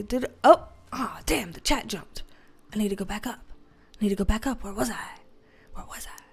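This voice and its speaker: A woman hosting a casual livestream, greeting viewers by name, laughing often and swearing casually. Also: high voice. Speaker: livestream host. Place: dim indoor room with ring light.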